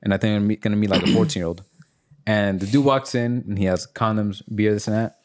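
A young man chatting casually on a podcast, telling stories and acting out quotes in high voices. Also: quick pace. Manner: animated storyteller, acts out quotes in high voices. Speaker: podcast host. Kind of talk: casual chat.

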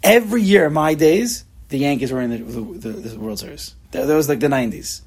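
A man in his forties from the New York area, giving a casual Torah lesson with rapid rhetorical questions and frequent restarts. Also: fairly high pitch, a little mellow. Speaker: Torah class teacher.

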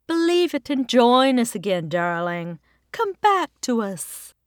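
A woman voicing a playful, knowing older sister who teases in a drawn-out, mischievous way. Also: mid-range voice, animated, no echo, studio quality, natural voice. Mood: teasing.

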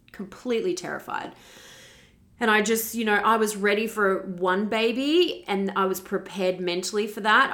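Young woman podcast host, lowish voice, tells her story openly and with feeling, acts out what she said. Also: creaky, fairly bright tone. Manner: candid, emotional, acts out her own past words. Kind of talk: personal storytelling.

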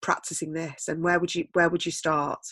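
Low-voiced woman hosting, dry sound. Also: flat delivery, a little fast, a bit bright, dry recording. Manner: thoughtful, hesitant, with restarts. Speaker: podcast host. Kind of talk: podcast interview.

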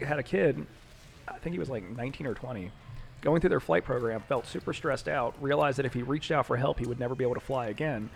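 A man's voice: mid-range voice, creaky. A man with an everyday mid-range voice talks in a blunt, sarcastic way. He swears freely and speaks as a working pilot in casual chat. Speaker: pilot and former medic.

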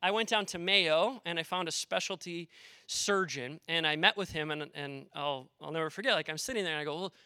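A man's voice: on the high side, a little fast, bright, forceful tone, clean tone, no echo, clean studio sound. A man, a pastor, preaching a conversational sermon in an earnest way, with personal stories and rhetorical questions.

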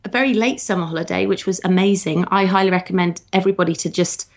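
Podcast co-host, woman, 30s, lowish voice, giggly and chatty. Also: steady tone, fast talker. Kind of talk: casual chat.

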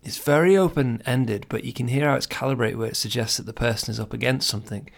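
A man's voice: mid-range voice, fast talker, gravelly. A man hosting a podcast, giving earnest, encouraging advice straight to the listener in a casual monologue. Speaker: podcast host.

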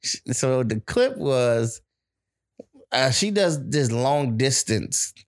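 A man's voice: medium pitch, sing-song, slow. Man, casual co-host chat, blunt, profane, storytelling.

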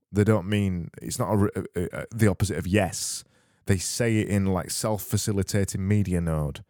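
A man hosting a solo comedy podcast, rambling in a deadpan way and often repeating and restarting his phrases. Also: sits low, dry recording, studio quality. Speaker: podcast host.

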